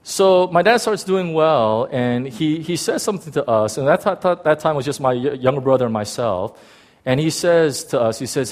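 A man's voice: a little high, moderate pace. A middle-aged male pastor telling a personal story in a sermon, acting out voices and often stammering into restarts. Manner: animated, acts out quotes, frequent stammered restarts.

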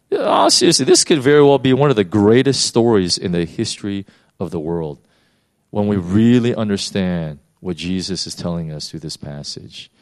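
Man, sermon, low-pitched voice, animated informal preaching, many fillers and restarts. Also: no room sound, studio quality. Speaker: pastor.

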